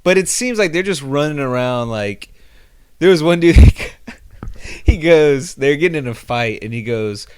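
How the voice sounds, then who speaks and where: A man's voice: on the high side, expressive, unhurried, clear, resonant tone, no echo. A man co-hosting a podcast, musing and giving opinions in casual chat, hedging with many fillers. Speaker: podcast co-host.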